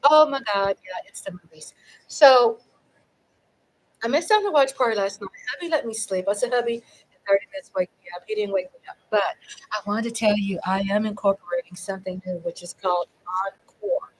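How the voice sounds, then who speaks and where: A middle-aged woman hosting a casual livestream, talking in a lively, chatty way and swinging from loud cheering to low asides. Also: brisk, rough recording. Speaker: livestream host.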